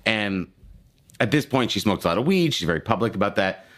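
A man's voice: lowish voice, fairly quick. A middle-aged man co-hosting a podcast, telling a long story in casual chat, acting out the people in it and swearing freely. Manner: animated storyteller who acts out voices, swears freely. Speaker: podcast co-host.

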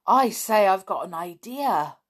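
A woman voicing an eager schoolboy with a bright idea in a storybook reading. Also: medium pitch, animated, unhurried, breathy edge. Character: earnest schoolboy, eager and brave.

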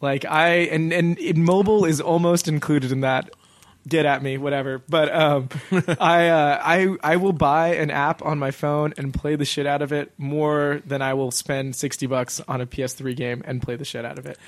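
Rambling man, slightly higher voice. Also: steady tone, normal speed. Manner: rambling, restarts a lot. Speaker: podcast producer. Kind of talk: casual chat.

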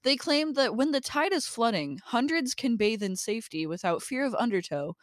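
A woman's voice: fairly high pitch, big pitch swings, normal speed, no room sound, clean studio sound. A woman co-hosting a podcast in casual chat, upbeat, laughing often and reading from her notes. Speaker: podcast co-host.

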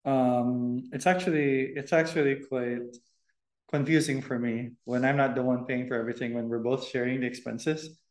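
A man's voice: medium pitch, steady tone, moderate pace, darkish tone, roomy sound. A man co-hosting a podcast, talking earnestly about dating with frequent ums. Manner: earnest, hesitant with ums, laughs often. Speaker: podcast co-host, boyfriend of host. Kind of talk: casual relationship chat.

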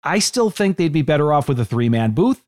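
A man co-hosting a wrestling podcast, giving measured, analytical takes with dry asides. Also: a little high, big pitch swings, no room sound. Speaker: podcast co-host. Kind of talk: casual wrestling podcast chat.

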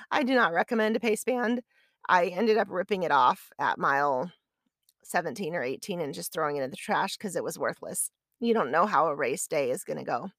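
A woman's voice: lowish voice, fairly bright tone, dry recording, studio quality. A woman hosting her own podcast, telling a personal story in a chatty, conversational, self-deprecating way. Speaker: podcast host. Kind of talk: casual storytelling.

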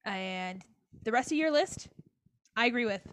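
Bubbly young woman host, higher voice. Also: expressive, unhurried, fairly bright tone, no room sound, studio quality. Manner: bubbly, enthusiastic. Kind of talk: casual podcast chat.

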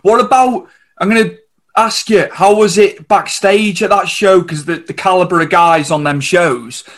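A man hosting a podcast, asking loose questions and giving shout-outs. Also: sits high, moderate pace. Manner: short affirmations and loose questions. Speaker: podcast host. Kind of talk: casual interview.

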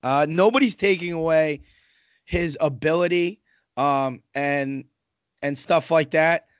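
In casual podcast hockey talk, an Islanders fan with a slightly high, smooth voice speaks slowly. He rambles and curses, full of fillers and restarts, on a dry recording.

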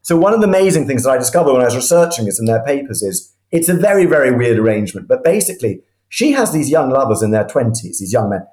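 A man's voice: mid-range voice, quick pace, hardly any pauses. Enthusiastic man telling history, echoey room. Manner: animated, enthusiastic storyteller with frequent restarts. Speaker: historian guest. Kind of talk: storytelling history talk.

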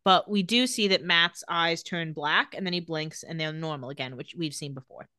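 A woman's voice: sits low, normal speed, dry recording, clean studio sound. A young adult woman co-hosting a podcast, recapping a TV episode in casual chat and acting out the characters' lines as she goes. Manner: animated, acts out characters' lines while recapping. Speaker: podcast co-host.

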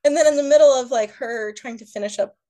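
A woman's voice: high-pitched, quick pace, warm tone. A young woman telling her birth story in casual chat, laughing often and filling her talk with "like". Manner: chatty, laughs often, many "like" fillers.

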